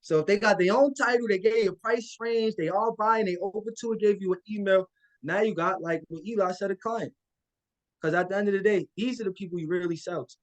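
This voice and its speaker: A man's voice: high-pitched, fairly quick, low-quality recording. A man coaching listeners on a live call in a casual, confident way, acting out phone calls. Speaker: guest land investor.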